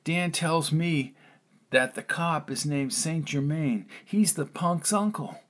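A man voicing a tough, protective middle-aged uncle in an audiobook, gruff and blunt, given to cursing. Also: a little high, takes it slowly, fairly bright tone. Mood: angry. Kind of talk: audiobook character reading.

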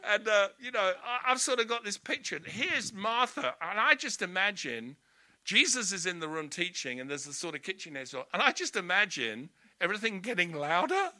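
A male preacher giving a lively storytelling sermon with humorous asides. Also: sits high, normal speed. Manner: animated, storytelling, laughing asides.

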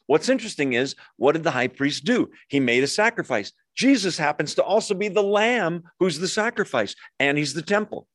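A man's voice: on the high side, no room sound. A middle-aged man preaching a sermon in a conversational way, with rhetorical questions and humorous asides. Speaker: pastor.

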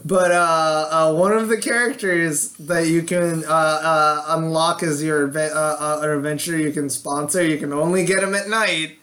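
A man co-hosting a casual podcast chat, animated and swearing freely as he laughs through stories. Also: on the high side, normal speed, few pauses. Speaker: podcast co-host.

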